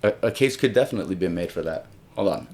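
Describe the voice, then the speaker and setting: Low-voiced young man rambling casually. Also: animated, fast talker, a little mellow. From Miami, Florida. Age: young adult. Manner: rambling, many restarts, swears freely, switches between English and Spanish. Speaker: solo video host. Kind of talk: casual monologue.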